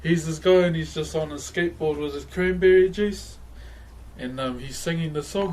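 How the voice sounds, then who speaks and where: A man's voice: on the high side, moderate pace, darkish tone, a little hiss or hum. A man with a New Zealand accent chatting casually on a livestream while woodcarving, laid-back and laughing often as he greets his chat.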